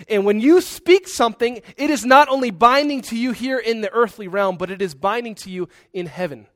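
A man's voice: high-pitched, expressive, normal speed, no echo, studio quality. A male pastor preaching a sermon in an earnest, conversational way, with asides.

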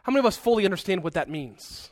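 A male pastor preaching a sermon with earnest, conversational asides. His voice sits fairly high, and the sound is dry and close to the mic. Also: very animated, racing, no room sound.

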